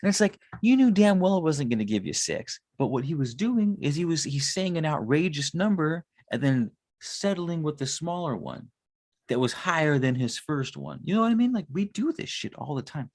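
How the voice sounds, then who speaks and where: A man's voice: a little high, big pitch swings, moderate pace, darkish tone, no room sound. A man in his thirties, a tarot reader, talking in a casual, rambling monologue and swearing often. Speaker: tarot reader and spiritual consultant.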